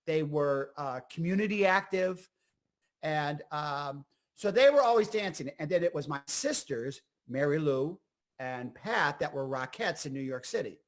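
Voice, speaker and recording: A man in his fifties from Scranton, Pennsylvania, an actor and comedian telling rambling, animated stories as an interview guest. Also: a little high, unhurried. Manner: animated, rambling, full of fillers and asides. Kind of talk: casual interview storytelling.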